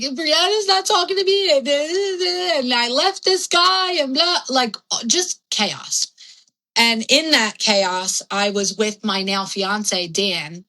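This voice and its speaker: A woman's voice: mid-range voice, pushed and bright, poor audio. A young adult woman telling her own story candidly as a podcast guest, rambling and frank with lots of fillers and swearing.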